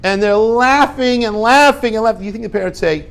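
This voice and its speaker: Speaking a little fast and hardly pausing, a rabbi with a high, gravelly voice gives a group a conversational Torah class. He stays lively, plays out little exchanges, and drops in Hebrew and Yiddish terms.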